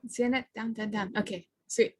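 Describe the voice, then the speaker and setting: A woman's voice: fairly high pitch, steady tone, normal speed, slightly rough, no echo. A woman playing a tabletop game in a casual, giggly, teasing way. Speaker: player.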